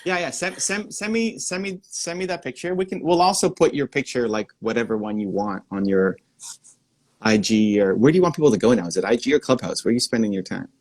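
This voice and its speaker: A man chatting as a guest on a live video call, upbeat and encouraging, repeating himself in quick bursts. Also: medium pitch, a little mellow. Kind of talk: casual livestream chat.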